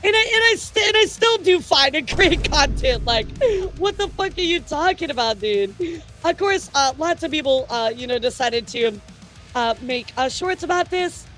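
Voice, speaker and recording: A woman streamer chatting casually through the news with her viewers, rambling and excitable, often stammering and swearing. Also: sits high, normal speed, soft background music.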